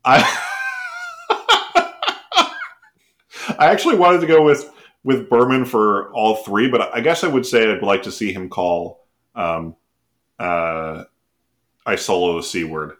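A man's voice: lowish voice, lively intonation, takes it slowly, long pauses, a bit bright. A young man co-hosting a sports podcast, teasing his co-host in playful banter. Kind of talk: casual chat.

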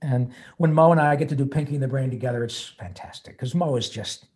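A man's voice: mid-range voice, fast talker, a little mellow. An older man, a guest voice actor, telling a story in an interview in an earnest, emotional way, rambling with restarts.

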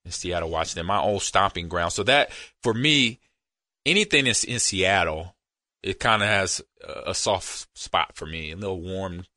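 A man co-hosting a podcast in easygoing, rambling casual chat that often drops to a low murmur. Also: normal speed, bright, forceful tone, no room sound, clean studio sound. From United States. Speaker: podcast co-host.

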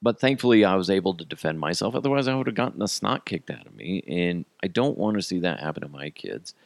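A man with a very low, gravelly voice swings his pitch around a lot as he tells a casual story. He talks in a loose, profane, animated way and often laughs at his own jokes. The sound is dry and close, with no room. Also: fast talker, no room sound. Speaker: podcast host.

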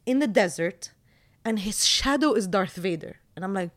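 A woman in her thirties from Jordan, chatting casually and telling animated stories with quick asides. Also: mid-range voice. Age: 30s. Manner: animated storyteller, quick asides, laughs often. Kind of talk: casual chat.

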